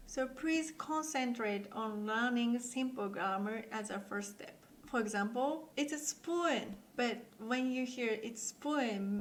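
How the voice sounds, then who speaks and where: A Japanese woman with a Japanese accent, giving a patient beginner language lesson with slow, clear demonstrations. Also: fairly high pitch, slight background noise. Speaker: language teacher.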